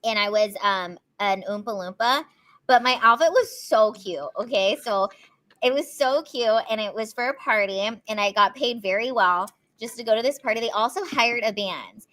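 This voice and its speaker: A young woman co-hosting a casual live stream, chatty and bubbly, sliding between a high girlish voice and a lower serious one. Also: moderate pace, pushed and bright. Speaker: comedian co-host.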